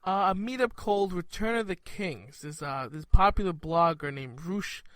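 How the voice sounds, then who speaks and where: A man's voice: high-pitched, normal speed, a bit bright, no echo. A man with a Brooklyn accent co-hosting a comedy talk show, reading news items in a laid-back way and adding dry quips.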